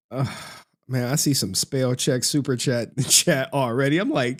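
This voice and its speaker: A man's voice: mid-range voice, sing-song, measured pace. A man live-streaming, chatting loosely with his viewers in slangy talk and laughing often. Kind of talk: casual live-stream chat.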